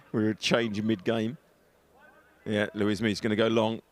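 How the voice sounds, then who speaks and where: On a headset mic with an earpiece, a man calls live football from an outdoor stadium, jokey and chatty, laughing often and poking fun at himself. His voice is on the low side and his pace slow.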